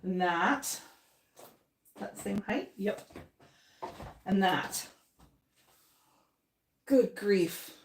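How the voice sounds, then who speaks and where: A woman's voice: mid-range voice, animated, very slow, pauses often, reverberant, slight background noise. A woman hosting a live paint-along. She chats with her viewers, thinks aloud and laughs often while she works. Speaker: painting host.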